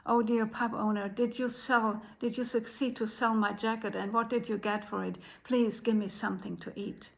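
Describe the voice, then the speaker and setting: A woman's voice: fairly high pitch, fairly even intonation, normal speed, gravelly, hardly any pauses. A woman voicing a poor, desperate little girl who pleads for help. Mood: pleading.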